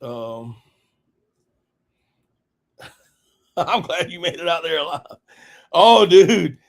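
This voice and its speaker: A man's voice: a little high, sing-song, extremely slow, gravelly. A middle-aged man hosting a live stream, telling a hunting story in a rambling, laughing way with lots of fillers. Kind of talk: casual storytelling chat.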